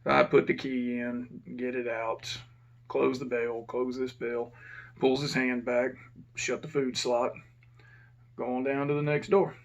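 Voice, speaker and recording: A former prison officer telling a casual, profane story and acting out the dialogue. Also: male voice, medium pitch, flat delivery, slow, creaky.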